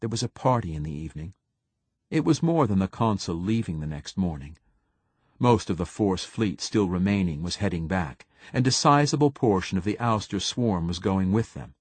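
A man reading a novel aloud as an audiobook narrator, in a measured, even storytelling manner. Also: deep voice, slightly rough, dry recording. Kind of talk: scripted narration.

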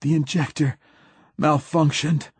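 A man's voice: mid-range voice, animated, slow, darkish tone, husky, no room sound, voice pushed up. A man voicing a male priest in agonizing pain, gasping and begging in an audiobook reading. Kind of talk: audiobook character voice.

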